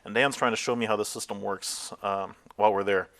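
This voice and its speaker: A middle-aged man in an interview, recalling his career as an animated storyteller who laughs often and acts out what others said. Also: lowish voice, fairly quick. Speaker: interviewee, tech founder. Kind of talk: oral history interview.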